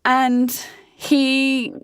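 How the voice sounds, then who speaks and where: A woman's voice: sits high, monotone, very slow, smooth, no echo, studio quality. A young woman vlogger telling a candid, chatty story about her relationship, full of fillers and swearing. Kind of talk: casual storytelling to camera.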